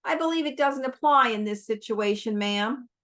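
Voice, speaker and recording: A woman reading aloud, voicing a gruff, blunt army general who speaks in a curt, commanding way. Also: fairly high pitch, normal speed, fairly bright tone, natural voice. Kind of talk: audiobook reading.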